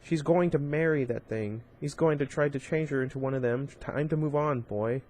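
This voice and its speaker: A man's voice: on the high side, normal speed, darkish tone, lightly acted. A man voicing a bitter, sneering young woman in a storybook reading, in his own plain voice. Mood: scornful. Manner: sneering, blunt.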